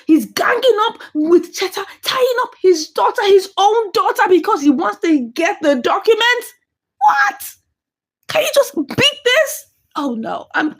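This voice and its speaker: A woman recapping a movie scene by scene, reacting with dramatic exclamations. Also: extremely high pitch. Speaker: movie reviewer.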